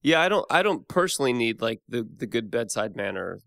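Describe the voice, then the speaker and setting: A man's voice: mid-range voice, big pitch swings, fairly quick, gravelly, a bit bright, dry recording, clean studio sound. A man in his thirties, a guest on a podcast, rambling in casual chat with many restarts and fillers.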